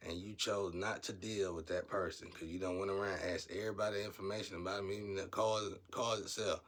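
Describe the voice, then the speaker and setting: Low-voiced man in a blunt, rambling rant. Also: fairly even intonation, brisk. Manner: rambling, blunt, preachy, gets loud and heated. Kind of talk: casual spiritual monologue.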